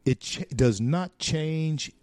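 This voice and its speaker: A man from the United States hosting a talk show, delivering a folksy, preachy opinion monologue with drawn-out emphatic phrases. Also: on the high side, lively intonation, warm tone, no echo.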